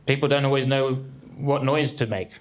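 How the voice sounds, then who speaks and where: A man in his thirties doing a stand-up comedy set on a theatre stage, with a dry, deadpan delivery. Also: medium pitch, moderate pace, a little hiss or hum. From England. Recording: live theatre with crowd laughter. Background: audience laughter.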